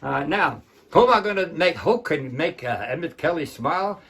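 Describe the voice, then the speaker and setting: A man's voice: a little high, animated, moderate pace, a bit bright, breathy edge. An older man chatting in a rambling way between impressions at an online open mic, recorded on a home webcam. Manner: rambling, chatty, self-interrupting.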